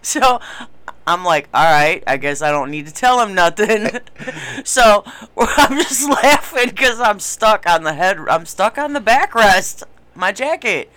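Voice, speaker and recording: A woman co-hosts a casual podcast, telling a story and laughing often as she goes. Her mid-range voice is expressive, unhurried, and a bit bright, captured in a dry recording.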